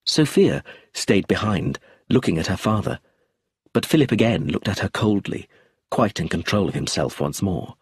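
A man's voice: low-pitched, animated, moderate pace, breathy edge, dry recording, studio quality. A man narrating an audiobook in the first person, telling the story expressively.

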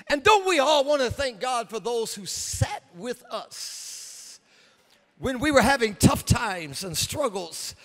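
A man's voice: very high voice, fairly bright tone. Emphatic male preacher in a big hall. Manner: emphatic, repetitive, with dramatic pauses. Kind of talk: sermon. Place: large conference hall. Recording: long hall reverb.

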